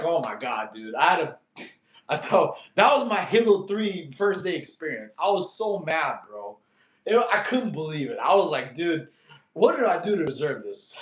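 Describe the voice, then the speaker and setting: A young man chatting loosely on a fitness livestream, his voice sitting a bit higher than most. He tells stories with animated energy and peppers them with bro and dude. The sound bounces around an echoey room. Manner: animated storyteller, slangy, says bro and dude. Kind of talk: casual livestream chat answering viewer questions.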